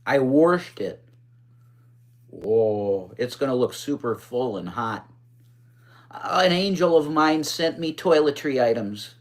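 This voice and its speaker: A man on a casual livestream, talking straight into his phone as he answers viewers' comments. His voice sits at an ordinary middle pitch, but it jumps higher when he gets excited. He is blunt and swears a lot. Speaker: livestream host.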